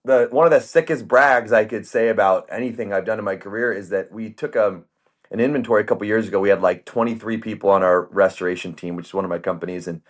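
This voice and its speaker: A man hosting a podcast in casual chat, telling stories in an animated way and acting out the voices of the people he quotes. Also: on the low side, fast. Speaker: podcast host. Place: podcast studio.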